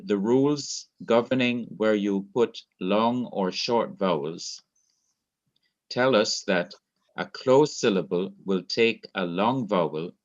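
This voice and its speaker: A low-voiced man with a Jamaican accent teaches grammar over an online class, taking his time and saying each rule twice so it sinks in. The audio is dull and lo-fi. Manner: slow, repeats key rules for emphasis. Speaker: Hebrew teacher.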